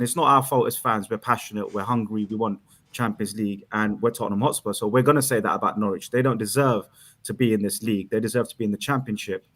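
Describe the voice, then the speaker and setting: Excitable laughing man calling in. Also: medium pitch. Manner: excitable, laughing, repeats himself. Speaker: caller. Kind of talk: casual fan chat.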